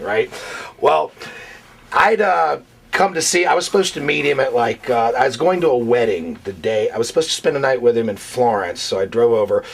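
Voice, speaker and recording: Gravelly, animated storyteller, a man. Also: medium pitch. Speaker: wrestling interview guest. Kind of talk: casual storytelling.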